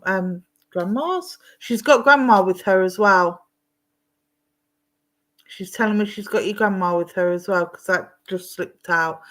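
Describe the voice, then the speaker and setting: Woman giving psychic readings. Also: on the low side. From London. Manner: warm, chatty, calls viewers "my darling". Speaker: psychic medium. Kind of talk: live-streamed psychic readings.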